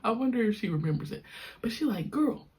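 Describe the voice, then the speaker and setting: A young woman hosting a podcast, telling a personal story in an animated, slangy, frank way. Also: mid-range voice, quick pace. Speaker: podcast host. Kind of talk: casual storytelling.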